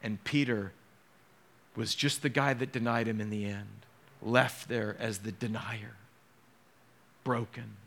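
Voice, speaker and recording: A man preaching a sermon as a pastor, emotional and dramatic, dropping to hushed tones and rising again. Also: lowish voice, steady tone, takes it slowly, gravelly, long pauses.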